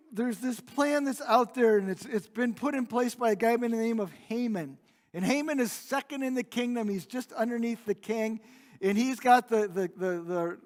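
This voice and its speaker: A man with a high voice preaching in a church sanctuary, his words trailing off into a long hall reverb. He tells the story like a casual conversation, often restarting and repeating words as he goes. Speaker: pastor. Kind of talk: sermon retelling a Bible story.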